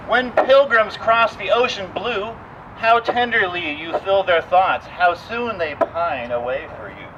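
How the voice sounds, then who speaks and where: A man's voice: high-pitched, bright, forceful tone, dull audio, a little hiss or hum. A man reading a comic poem aloud with theatrical flair, then talking as a guide on an outdoor tour. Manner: theatrical recitation, laughing at the verse. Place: outdoors in a cemetery.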